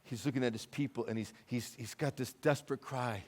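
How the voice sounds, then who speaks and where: An American man preaching a sermon in a church, moving between quiet conversational asides and loud, urgent climaxes. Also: fairly quick. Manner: impassioned, rising to loud urgent peaks then dropping low and conversational. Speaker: guest preacher. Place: church sanctuary.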